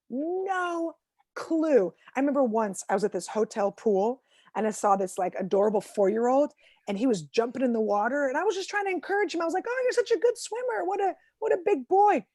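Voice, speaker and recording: A woman doing stand-up over a video call, her voice pitched high and swinging widely as she tells exasperated stories. The sound is dry and close, with no room around it. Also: no echo. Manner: exasperated, animated storytelling with acted quotes. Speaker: headlining comedian.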